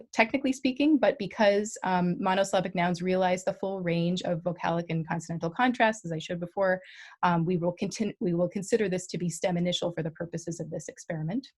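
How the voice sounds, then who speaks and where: A woman's voice: mid-range voice, a little mellow. A woman giving an academic linguistics talk online, explaining slides carefully with frequent ums and self-corrections. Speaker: guest lecturer.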